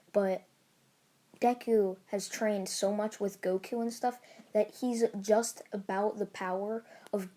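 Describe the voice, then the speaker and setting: A woman's voice: medium pitch, warm tone. A woman casually retelling a fan story, rambling along with lots of fillers and restarts.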